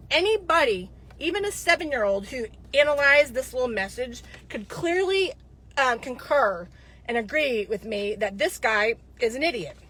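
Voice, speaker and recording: A middle-aged woman from Dallas, Texas, ranting to camera in a casual vlog, exasperated and animated, with many restarts. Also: high voice. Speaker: vlogger.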